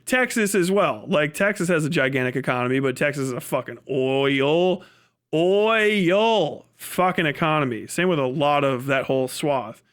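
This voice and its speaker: Male streamer, profane rant, fast talk, slightly high voice. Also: expressive, fairly bright tone, clean tone. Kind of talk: casual livestream rant.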